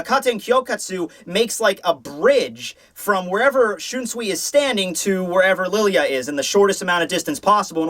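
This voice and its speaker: A man's voice: sits high, a bit bright. A man hosting a casual manga review, talking loosely with many fillers and restarts. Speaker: manga reviewer, channel host. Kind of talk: casual chapter review commentary.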